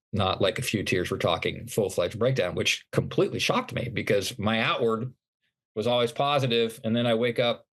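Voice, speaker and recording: A middle-aged man, a podcast guest, earnestly telling his personal story in an interview, often restarting his sentences. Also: lowish voice. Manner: earnest, retelling events with acted-out dialogue and frequent restarts. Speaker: podcast guest, motivational speaker.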